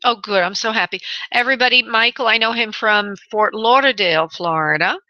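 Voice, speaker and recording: A woman hosting psychic call-in radio, her voice bright and forward in a dry, close sound. She soothes callers with honey and love and thinks aloud as she tunes in. The audio is a little dull and lo-fi. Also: a little high, dry recording. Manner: thinks aloud, pauses to tune in. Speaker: radio show host and spirit medium.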